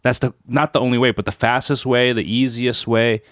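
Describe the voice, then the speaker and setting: A man's voice: mid-range voice, level tone, brisk, a bit bright, no echo, clean studio sound. A man co-hosting a casual podcast conversation, thinking aloud and restating each point as he builds it. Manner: thoughtful, piling up restatements.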